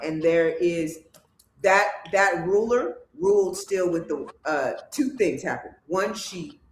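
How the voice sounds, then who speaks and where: A livestream host speaks in an emphatic, preachy way, leaning into slow, deliberate phrasing. Lines often build up to loud declarations. The voice sits in an echoey room with a faint hiss behind it. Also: mid-range voice. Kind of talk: spiritual talk show monologue.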